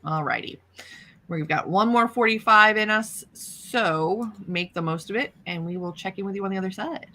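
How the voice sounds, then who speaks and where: A woman's voice: mid-range voice, normal speed, sharp tone. A woman hosting a livestream, chatting casually and teasing her co-host. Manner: playful, teasing, laughs often. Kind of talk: casual chat.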